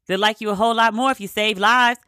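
A woman's voice: on the high side, steady tone, fast, sharp tone, no room sound, studio quality. A woman ranting in a casual, profane, exasperated way, hammering her points with emphatic repetition. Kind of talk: opinionated casual rant.

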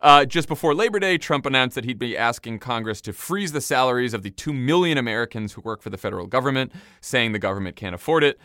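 Man, podcast host, indignant, sarcastic, swears a lot, mid pitch, dry close mic. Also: expressive, fast, hardly any pauses, pushed and bright, no echo. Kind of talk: casual political chat.

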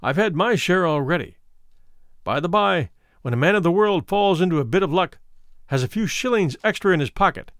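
A man voicing a smooth, worldly and ruthless male doctor who talks in a coolly persuasive, condescending way. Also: sits high, expressive, fairly quick, fairly bright tone, no echo, clean studio sound.

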